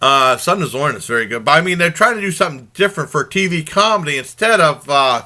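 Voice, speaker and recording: Bright, forceful man reviewing a TV show. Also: on the high side, expressive, fast talker. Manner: rambling plot retelling; informal and conversational. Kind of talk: casual TV review vlog.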